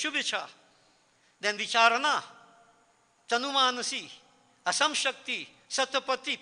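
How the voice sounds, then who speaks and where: A man gives an emphatic sermon at a devotional gathering, and his voice sits high. The tone is very bright and cutting. He rings out across a reverberant worship hall, quizzing his listeners and repeating his key words. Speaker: spiritual teacher.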